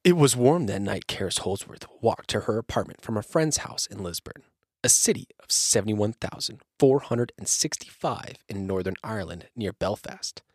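A man's voice: lowish voice, lively intonation, normal speed, a little mellow, slightly rough, no echo, studio quality. A man hosting a podcast, casually reading a spooky story aloud between profane jokes. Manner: profane, jokey, reads aloud. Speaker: podcast host.

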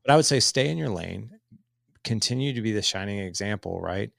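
A man in his forties, a podcast guest and dads' coach, giving advice in lively conversation and acting out the people he quotes. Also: lowish voice, fairly quick, gravelly, no room sound, studio quality. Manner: animated storyteller who acts out quotes. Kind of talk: conversational interview answers.

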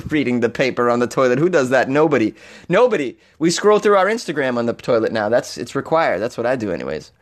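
A man with an American accent hosting a comedy podcast, ranting in an animated, jokey way with casual swearing. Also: medium pitch, a little fast.

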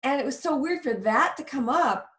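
A woman's voice: sits high, lively intonation, moderate pace, a bit bright. A woman guest earnestly telling a personal story in a conversation. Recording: roomy, distant sound.

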